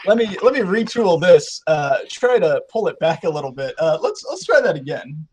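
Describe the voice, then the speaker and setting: A man's voice: a little high, big pitch swings, moderate pace, a little mellow. A man hosting a casual game show podcast, joking with a playful, mock-grand showman manner.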